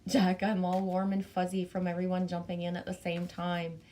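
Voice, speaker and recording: Hosting a casual live chat stream, a Canadian-accented woman from Canada reads the chat, welcomes viewers by name and swears offhandedly in a chatty, bubbly way. She speaks fairly low and monotone, mellow, at a moderate pace.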